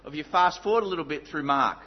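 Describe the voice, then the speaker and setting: A man preaching a sermon, emphatic, dropping to low, intense tones for stress. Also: fast talker, slightly rough, highs cut off.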